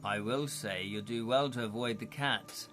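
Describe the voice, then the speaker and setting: Man reading as a hushed, friendly ghost footman, bright voice. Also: lowish voice, moderate pace, soft background music, natural voice. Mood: discreet. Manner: hushed and discreet. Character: kindly male ghost footman, discreet.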